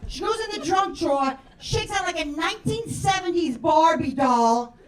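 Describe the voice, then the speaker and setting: A woman's voice: extremely high pitch, lively intonation, normal speed. A woman doing a brash, profane stand-up set in a comedy club, acting out the voices of the people in her stories. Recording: roomy club sound from a distance with crowd.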